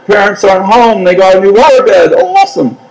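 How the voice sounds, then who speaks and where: Brief: animated male preacher, bright high voice, comic storytelling, echoey hall. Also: brisk, a crowd in the background. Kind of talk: storytelling sermon.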